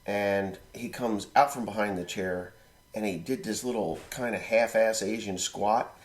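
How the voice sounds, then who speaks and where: A man's voice: on the low side, measured pace. A middle-aged man, a farmer, talking casually and bluntly to the camera with crude jokes. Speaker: farmer vlogger.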